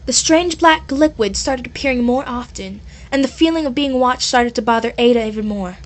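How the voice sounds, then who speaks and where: A woman's voice: on the high side, moderate pace. A woman reading a story game aloud to viewers, with chatty, joking asides. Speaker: game player and narrator.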